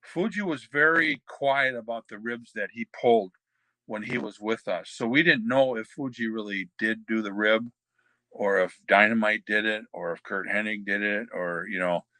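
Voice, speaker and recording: A man's voice: lowish voice, normal speed, pushed and bright, no echo. An older man, a former wrestler, telling backstage anecdotes as a podcast guest, rambling with many fillers and restarts. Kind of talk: anecdotal storytelling.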